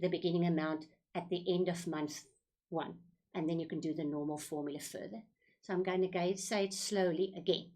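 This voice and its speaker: A woman teaching a school maths lesson, patiently repeating key points and walking through each step slowly. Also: mid-range voice. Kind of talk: recorded classroom lesson.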